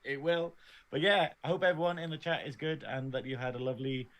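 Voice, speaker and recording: A man's voice: on the high side, steady tone, fast talker, fairly bright tone. A man with an English accent co-hosting a casual review chat, rambling and laughing often. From Northern England. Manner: giggly, rambling chatter. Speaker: podcast co-host.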